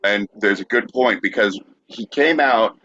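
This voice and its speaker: Casting note: male co-host, low voice, explains things, dull lo-fi recording. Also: a little slow, bright, forceful tone. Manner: explanatory, storytelling. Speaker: podcast co-host. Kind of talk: casual chat. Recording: dull lo-fi sound.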